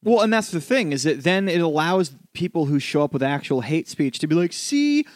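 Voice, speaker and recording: A man's voice: a little high, fairly quick, dry recording, studio quality. A man hosting a casual podcast, talking in a loose, jokey way with many fillers. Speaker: podcast host.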